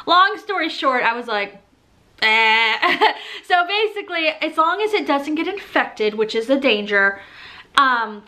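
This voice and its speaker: A woman's voice: sits high, sharp tone. A pregnant young woman giving a casual, rambling vlog update, laughing often as she talks. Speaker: vlogger.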